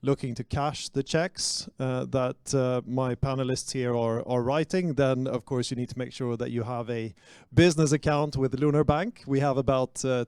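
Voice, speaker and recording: A man's voice: medium pitch, darkish tone, clean tone, dry recording, clean studio sound. A man introducing himself as a bank executive on a conference panel, upbeat and salesy with frequent fillers. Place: stage at a fintech demo day event.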